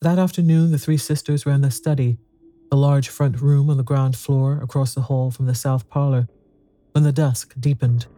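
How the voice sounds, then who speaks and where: A man reading a story aloud in a measured, even storytelling manner. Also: medium pitch, no room sound. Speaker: narrator. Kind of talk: audiobook narration.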